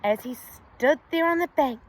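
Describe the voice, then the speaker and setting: A woman's voice: high-pitched, normal speed, a little hiss or hum. Sing-song woman reading a picture book. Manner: animated, sing-song, addresses the listener. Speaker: storyteller for children. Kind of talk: picture book read-aloud.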